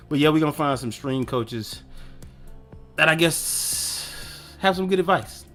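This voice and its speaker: A man's voice: a little high, animated, slow, fairly bright tone, faint music behind. A man hosting his own live stream in loose, rambling casual chat, swearing offhandedly and talking to himself as he clicks around.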